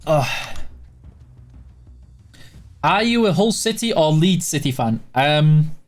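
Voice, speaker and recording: Yorkshire guy hosting a stream, reads chat questions out then answers, lots of uhs, kinda higher voice. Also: animated, slow, soft background music. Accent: Yorkshire, softened toward neutral British. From Yorkshire, England. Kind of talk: casual livestream Q&A.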